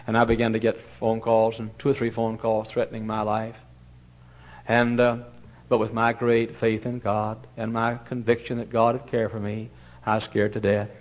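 Give me a folksy preacher telling stories from the pulpit. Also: male voice, lowish voice, normal speed, highs cut off. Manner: folksy, animated, with fillers and sudden loud bursts. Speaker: pastor. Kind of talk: storytelling sermon.

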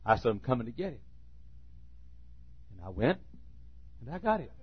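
A man preaching a sermon, folksy and storytelling, dropping to quiet asides and then bursting into shouts. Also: medium pitch, big pitch swings, normal speed, slight background noise. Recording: dull lo-fi recording.

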